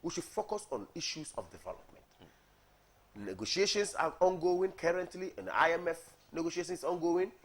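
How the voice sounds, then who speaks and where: This man's voice runs on the high side, animated and a bit bright, at a moderate pace. He's a party coordinator from Ghana, a guest in a TV studio for a heated morning political debate, pressing his points by repeating words and asking "are you getting me."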